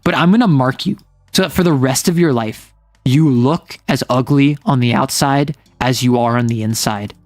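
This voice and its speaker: A man's voice: mid-range voice, moderate pace, darkish tone, dry recording, soft background music, close to an everyday voice. A man voicing a hot-tempered young female exorcist who speaks in a fierce, confrontational way. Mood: menacing.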